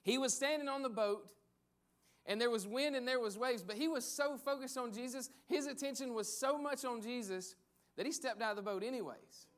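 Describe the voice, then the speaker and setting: A man's voice: extremely high pitch, a little fast. A man preaching a conversational sermon, repeating phrases for emphasis. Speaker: pastor.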